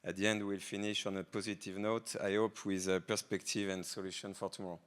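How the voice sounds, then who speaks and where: A man with a French accent presents at a conference in a hall. His voice sits very low and hardly moves in pitch, yet it comes through smooth and clear. He speaks haltingly, with frequent filler sounds and restarts. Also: flat delivery, fairly bright tone. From France.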